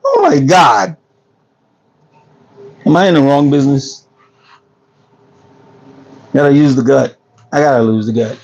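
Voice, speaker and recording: A man's voice: mid-range voice, normal speed, creaky, pauses often, mellow, lo-fi sound. A man from New York hosting a casual livestream, joking and laughing with viewers while losing his voice. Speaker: food truck business livestream host. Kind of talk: casual livestream chat reading comments. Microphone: phone.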